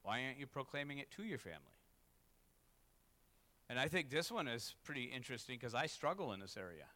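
A man's voice: mid-range voice, big pitch swings, fairly quick, pushed and bright. A man, a pastor, preaching a candid, confessional sermon that rises to emphatic peaks. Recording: long reverb in a hall.

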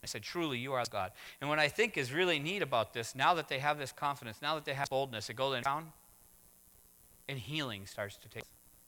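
A man preaching a sermon as pastor, swinging from hushed words to loud exclamations. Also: mid-range voice, fairly quick. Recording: long hall reverb.

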